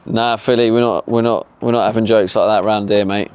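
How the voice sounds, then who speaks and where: A man's voice: fairly low pitch, flat delivery, fairly quick, darkish tone, clean tone. A British man streaming live, chatting casually with viewers and laughing often as he works. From Britain. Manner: chatty, laughs often, answers chat while working.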